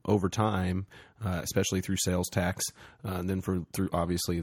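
A man's voice: sits low, a little mellow, husky, dry recording, clean studio sound. A man co-hosting a podcast, talking in an opinionated, exasperated way with many fillers. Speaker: podcast co-host. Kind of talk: casual podcast chat.

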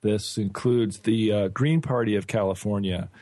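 A man with a fairly low voice hosts a casual podcast, running through news items in a loose, joking way full of asides. The sound is dry and close, with no room around it. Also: moderate pace, dry recording. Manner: relaxed, joking, rambling news reading. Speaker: podcast co-host.

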